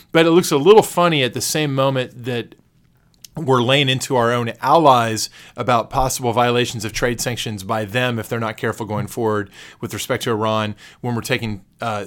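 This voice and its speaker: A man's voice: mid-range voice, fairly bright tone. Hesitant man talking through legal analysis. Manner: hesitant, many fillers and self-corrections; analytical, measured legal commentary. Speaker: podcast co-host. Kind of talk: casual podcast discussion.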